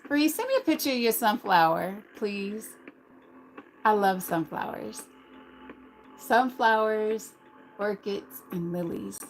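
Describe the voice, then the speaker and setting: Speaking slowly with long pauses, this livestream host has an expressive, mid-range voice and a slight lisp. The middle-aged American woman chattily reads and responds to her chat aloud, in a rough recording with some background noise.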